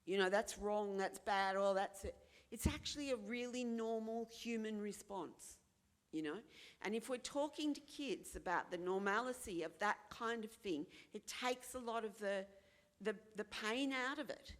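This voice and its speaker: A woman's voice: on the high side, normal speed, in a large hall. An Australian woman speaking frankly and earnestly at a forum, repeating phrases for emphasis and acting out the voices of people she quotes. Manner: acts out other people's voices when quoting. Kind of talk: candid personal talk at a forum.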